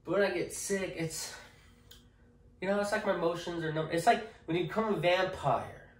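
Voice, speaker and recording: A man's voice: high voice, moderate pace, distant mic. A man chatting casually to camera in a joking, rambling way, often tagging lines with okay. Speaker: vlogger. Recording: echoey room, off-mic.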